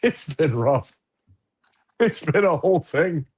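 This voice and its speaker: A middle-aged man co-hosting a podcast, telling a story in animated casual chat. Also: husky. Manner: animated storyteller, quick pitch jumps. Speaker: podcast co-host.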